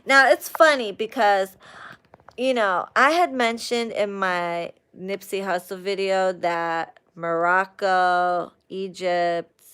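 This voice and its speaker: A woman hosting a casual live chat with viewers, ranting in an animated, heavily profane way. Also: medium pitch, slow, smooth. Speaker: live stream host chatting with viewers.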